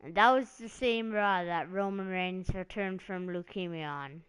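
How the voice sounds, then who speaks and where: A woman's voice: on the low side, measured pace, fairly bright tone, clear, resonant tone. A woman hosting a casual live stream about wrestling, rambling along with lots of "like" and "um" as she recaps storylines. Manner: rambling, meandering, heavy on "like" and "um".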